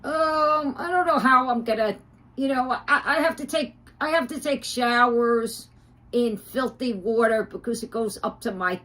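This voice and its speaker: A woman's voice: fairly high pitch, fairly bright tone. A woman ranting on a livestream, profane and indignant, with frequent fillers and restarts.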